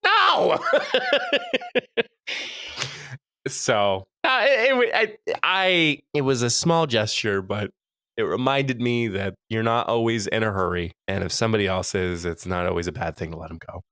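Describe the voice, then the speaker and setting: A lively young man co-hosting a podcast, his pitch swooping high and low as he imitates the people in his story. His voice is bright and forceful, and it sits dry and close on the mic. He laughs often while he talks. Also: normal speed, dry recording. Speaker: podcast co-host. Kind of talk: casual storytelling chat.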